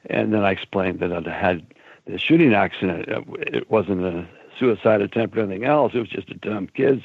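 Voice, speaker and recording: A man's voice: lowish voice, a little fast, creaky, husky, no echo. A man in his seventies, a guest telling long stories in a rambling way, often laughing and acting out what others said. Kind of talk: casual storytelling. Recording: dry tinny phone line.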